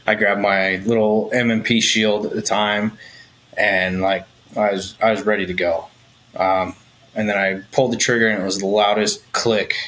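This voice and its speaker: A man with a low, forceful, bright voice shares his life story as a podcast guest. He talks frankly and casually, with plenty of swearing. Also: slight background noise, poor audio. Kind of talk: candid personal storytelling.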